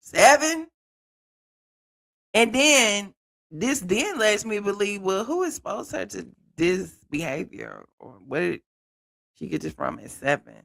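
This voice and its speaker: Bright-voiced man reacting to TV clips. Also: high-pitched, a little slow, gravelly. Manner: animated, laughing, talks to viewers as "y'all". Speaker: host reacting to reality TV clips. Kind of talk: casual live commentary.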